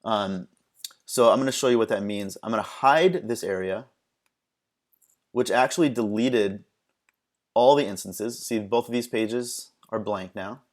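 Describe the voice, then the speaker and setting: A man presenting a screen-recorded software tutorial, talking casually and haltingly with many ums and restarts. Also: lowish voice.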